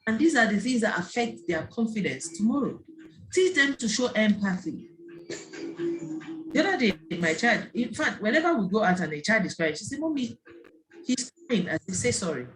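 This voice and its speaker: A woman with a mid-range voice speaks at a moderate pace in an online talk to parents. As a parenting speaker, she tells lively stories and acts out the voices of the people she quotes. Faint background noise and clicks can be heard.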